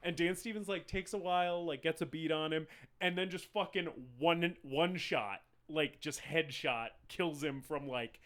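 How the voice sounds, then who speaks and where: Podcast co-host: young man from rural Arizona, fairly high voice, chatty and profane, full of fillers and laughs. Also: unhurried, a bit bright. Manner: rambling, filler-heavy, laughs a lot, swears, acts out movie lines. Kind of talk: casual film podcast chat.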